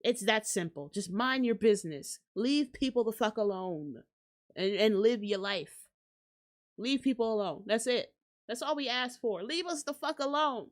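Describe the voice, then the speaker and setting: A young woman hosting a casual commentary rant, her voice pitched a little higher than most women's. She talks blunt and profane, laughs often and slips into mocking put-on voices. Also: expressive, normal speed. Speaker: commentary channel host.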